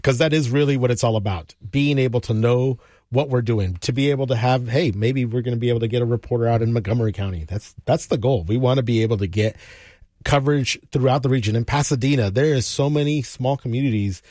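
An enthusiastic, chatty man co-hosts a radio fundraiser from the studio. His voice sits at a middle pitch, and the sound is dry and close. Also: fast talker, warm tone, no room sound. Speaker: public radio co-host. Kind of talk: fundraising appeal.

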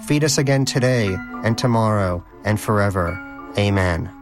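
A man's voice: lowish voice, normal speed, music in the background, natural voice. A man voicing a pious, prim male pet rodent in a cage, earnest and indignant. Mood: prayerful.

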